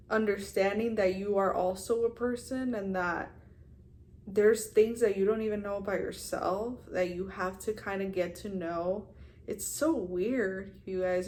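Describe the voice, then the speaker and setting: A woman's voice: medium pitch, darkish tone. A young woman in her twenties talking frankly and casually to her viewers, swearing now and then and calling them you guys. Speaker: vlogger. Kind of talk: candid personal vlog talk.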